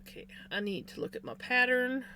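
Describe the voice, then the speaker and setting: A woman's voice: a little high, a little fast, background noise. A woman streamer chatting casually with her viewers while she crochets, greeting them by name and yawning now and then. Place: home room with a fan. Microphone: desk microphone.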